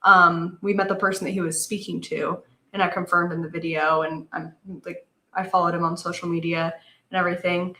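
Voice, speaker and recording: Bright-voiced woman rambling on a video call. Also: fairly low pitch, level tone, a little fast, echoey room. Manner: rambling, filler "like" heavy. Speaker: guest. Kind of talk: casual interview retelling.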